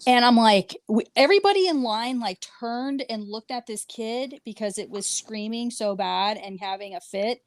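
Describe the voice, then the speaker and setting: A woman co-hosting a casual podcast chat, telling a lively story and laughing often. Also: on the high side, moderate pace, few pauses, dry recording. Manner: animated storytelling, frequent laughs. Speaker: podcast co-host.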